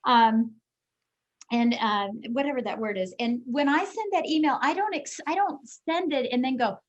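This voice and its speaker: Higher-voiced woman guest coach, earnest, explains by playing out quotes. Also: moderate pace, highs cut off. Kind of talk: casual interview chat.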